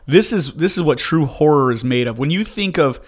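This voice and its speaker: A man co-hosting a podcast, telling stories in a casual chat and quoting his wife and daughter in lively voices. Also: on the high side, fairly quick. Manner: animated storyteller, quotes people in raised voices. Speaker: podcast co-host.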